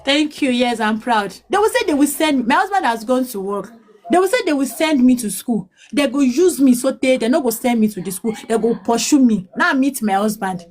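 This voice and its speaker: A Nigerian woman in her late thirties with a high, bright-pitched voice tells her hard life story, slipping between English and Pidgin. She pleads and restarts often, her words tumbling out with feeling. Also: expressive, brisk. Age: 30s. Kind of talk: emotional personal testimony.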